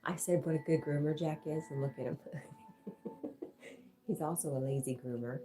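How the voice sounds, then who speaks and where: A woman's voice: deep voice, warm tone, rough recording. A woman hosting a casual livestream, reading viewer comments aloud and chatting with her dog. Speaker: livestream host.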